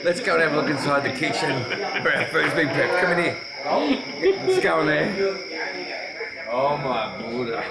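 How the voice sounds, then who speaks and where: A man in his forties presenting on location in a busy restaurant, upbeat and excitable. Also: fairly high pitch, normal speed, creaky, pauses often, rough recording. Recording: loud crowd chatter behind.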